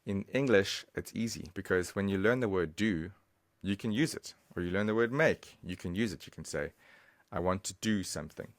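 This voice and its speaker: A man's voice: low-pitched, moderate pace, no room sound, clean studio sound. A man giving a casual, chatty online language lesson, talking straight to the viewer. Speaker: language teacher.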